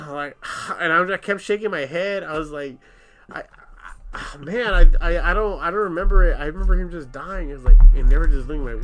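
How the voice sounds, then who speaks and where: A young man chatting on a podcast, slightly higher-pitched than most men. He tells his stories with animated energy, swears freely and laughs a lot. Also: fast, soft background music. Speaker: podcast co-host. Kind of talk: casual podcast chat.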